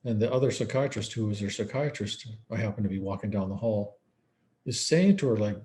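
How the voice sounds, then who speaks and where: Speaking briskly with lively intonation, a man in the role of a psychiatrist shares case stories at a conference lecture, dramatizing quoted dialogue in a chatty, storytelling way. His voice is lowish and a little mellow.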